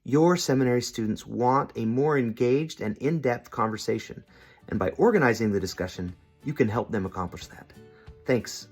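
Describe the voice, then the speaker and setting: A man's voice: medium pitch, moderate pace, a little mellow, slightly rough, faint music behind. A man training seminary teachers in an instructional video, friendly and demonstrating how to question students. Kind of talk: instructional video with classroom role-play.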